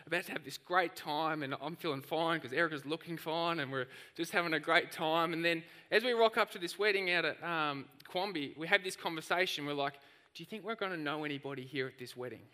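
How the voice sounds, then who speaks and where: Bright-voiced preacher in a church hall. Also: male voice, fairly high pitch, brisk. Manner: animated storytelling preacher. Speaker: pastor. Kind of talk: sermon.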